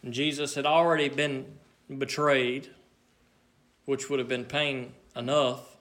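A man preaching a sermon, earnest and measured, swinging between loud emphasis and near hush. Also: mid-range voice, level tone.

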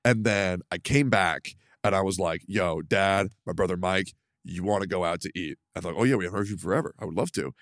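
A man's voice: low-pitched, brisk, hardly any pauses, a bit bright, dry recording, studio quality. A young man co-hosting a podcast in casual chat, loose and casual with swearing. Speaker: podcast co-host.

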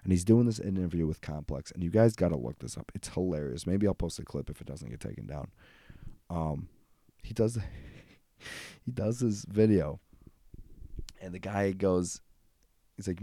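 A man's voice: low-pitched, animated, moderate pace, long pauses, mellow, dry recording, studio quality. A young adult man hosting a casual solo podcast, rambling loosely and swearing freely. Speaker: podcast host.

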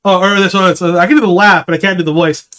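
A man in casual chat, animated and rambling, swearing freely and dropping into funny voices while telling stories. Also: sits high, fast talker.

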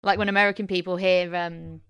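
Female podcast co-host, smooth clear voice, easygoing and chatty. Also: fairly low pitch, little pitch movement, brisk, fairly bright tone, no echo. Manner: chatty, hesitant, bursts into indignation. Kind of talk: casual film chat.

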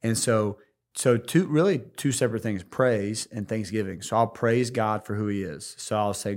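A man co-hosting a casual faith podcast, talking in a halting way with many restarts and fillers, teasing now and then. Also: on the low side, a little mellow. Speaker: podcast co-host.

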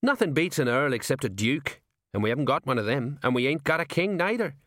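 A man's voice: mid-range voice, big pitch swings, brisk, a bit bright, dry recording, studio quality, voice pushed up. Brief: male narrator doing a rambling older sergeant, folksy and set in his ways. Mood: musing. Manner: folksy, rambling, common speech.

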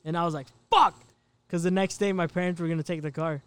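A man co-hosting a podcast, telling his side of a story in a relaxed, profane, chuckling way. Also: on the high side, rapid-fire, clear, resonant tone, no echo. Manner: laid-back, profane, chuckling. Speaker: podcast co-host. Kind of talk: casual storytelling chat.

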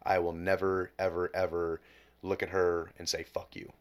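A man in his late twenties with a very low, deep voice tells a painful story as a podcast guest. He swears freely and falls quiet and hushed at the hardest moments, speaking candidly and with raw emotion. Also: completely flat delivery, normal speed. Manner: emotional, heavy swearing, drops to near whisper at low points.

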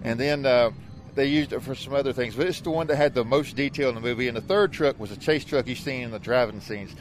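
A man's voice: medium pitch, fast talker, slight background noise. A man being interviewed outdoors at a haunted attraction, his voice muffled as if he has something in his mouth. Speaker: guest, movie vehicle owner.

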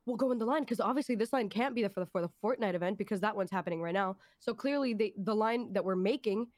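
A woman's voice: fast, no echo, studio quality. A young woman co-hosting a casual podcast, telling a story with swearing and acting out quoted people. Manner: animated storyteller, swears, acts out quotes in high voices. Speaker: podcast co-host.

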